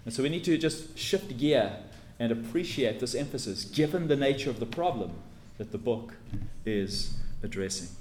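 A man preaching an expository sermon, teacherly and emphatic, leaning hard on key words as he sets out his points. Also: medium pitch. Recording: echoey room with faint ambience.

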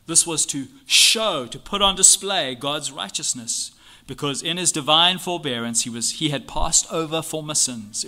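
A bright, forceful male voice leading an expository Bible lesson. He reads passages aloud and drives each point home with a string of earnest rhetorical questions. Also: on the high side. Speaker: Bible teacher. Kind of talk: expository teaching on a church confession.

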